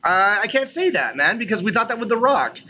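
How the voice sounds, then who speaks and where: A man's voice: high-pitched, sing-song, a little fast, pushed and bright, highs cut off, slight background noise. A man co-hosting a podcast in casual chat, rambling with lots of "you know" and "like". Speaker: podcast co-host.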